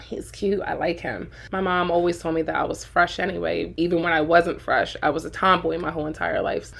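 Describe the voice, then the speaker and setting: A middle-aged woman with a raspy voice, congested from a cold, co-hosting a podcast in frank, animated casual chat. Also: lowish voice, fast talker. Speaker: podcast co-host.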